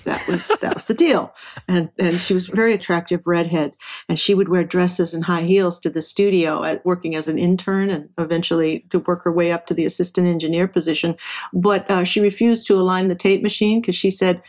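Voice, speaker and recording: A woman's voice: fairly low pitch, steady tone, fairly quick, darkish tone. A middle-aged woman from Southern California, telling stories from her career as an interview guest. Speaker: interview guest, engineer and professor. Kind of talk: casual storytelling.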